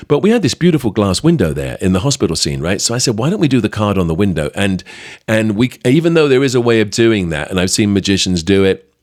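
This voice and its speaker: A middle-aged British man hosting a podcast, chatting lively through a behind-the-scenes anecdote with plenty of fillers. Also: on the low side, quick pace, no room sound, studio quality. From Britain. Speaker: podcast host. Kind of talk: storytelling anecdote.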